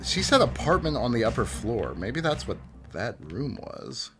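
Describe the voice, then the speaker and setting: A man streaming a game live, joking and swearing through his commentary with sudden loud outbursts. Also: medium pitch, very animated, normal speed, over music. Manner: jokey, swearing, bursts into loud silly outbursts.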